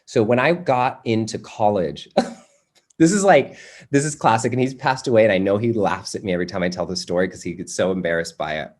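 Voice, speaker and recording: A young adult man teaching a workshop, telling a family story in a loose, animated way with many fillers like "you know" and "like". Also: lowish voice, brisk. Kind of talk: personal storytelling in a workshop talk.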